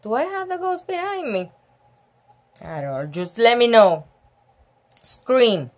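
A woman's voice: fairly high pitch, sing-song, slow pace, long pauses, a little mellow. Giggly woman reading a storybook aloud. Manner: giggly, chatty, easily amused. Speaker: storybook reader. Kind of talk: reading a picture book aloud with asides.

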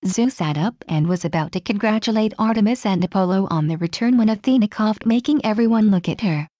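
Brief: woman storyteller reading fan fiction, mellow tone, dry close sound. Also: mid-range voice, a little fast, no room sound, lo-fi sound. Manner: steady, even reading with occasional slips. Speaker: story narrator.

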